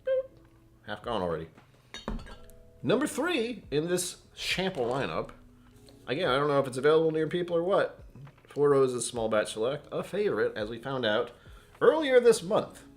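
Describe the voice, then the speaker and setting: A man's voice: a little high, huge pitch swings, normal speed, pauses often, soft background music. A man hosting a casual whiskey tasting live stream from home, rambling and joking as he chats with viewers. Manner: rambling, joking, self-interrupting. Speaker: whiskey channel host.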